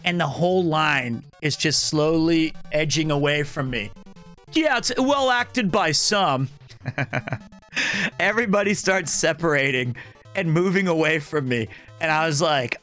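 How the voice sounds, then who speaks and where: A high-pitched man with a bright, forceful voice, telling a story on a livestream. He talks casually, swears freely and acts out the people he quotes. He stays animated throughout. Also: normal speed, soft background music. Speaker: streamer.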